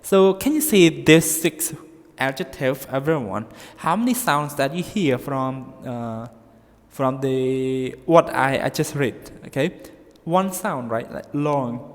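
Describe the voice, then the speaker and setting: A male English teacher with non-native English and frequent grammar slips, slowly explaining comparatives and checking in with "okay?" again and again. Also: a little high, long reverb tail. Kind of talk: recorded grammar lesson.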